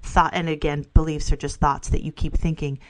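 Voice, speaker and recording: A woman's voice: low-pitched, flat delivery, a little fast, darkish tone. A middle-aged woman co-hosting a casual spiritual podcast, enthusiastic, laughing often and filling with "you know". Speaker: podcast co-host.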